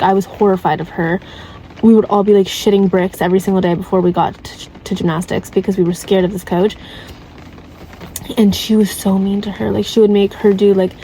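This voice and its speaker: A woman's voice: medium pitch, mellow, slight background noise, low-quality recording. A woman in her twenties, from Canada, talking casually and candidly in a vlog and filling her speech with "like" and "right?". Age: 20s. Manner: chatty, heavy use of "like" and "right?", candid. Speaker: vlogger. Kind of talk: casual confessional advice talk.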